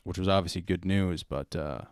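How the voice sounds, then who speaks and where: A young podcast host with a deep voice rambles through a story in loose, casual talk, saying "like" and "man" a lot. He speaks fairly quickly, and the studio-quality recording has no echo.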